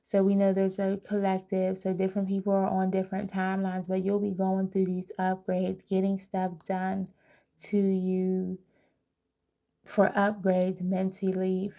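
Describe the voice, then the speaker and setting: Woman psychic reader, gravelly and flat, chatty direct-to-viewer delivery. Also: mid-range voice, lo-fi sound. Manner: chatty, animated, talks straight to viewers. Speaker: tarot reader. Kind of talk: live psychic reading.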